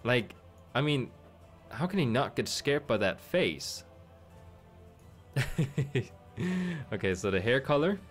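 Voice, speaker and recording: A man's voice: mid-range voice, big pitch swings, normal speed, faint music behind. A man streaming a game, chatting casually and thinking aloud with amused asides. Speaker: gaming streamer.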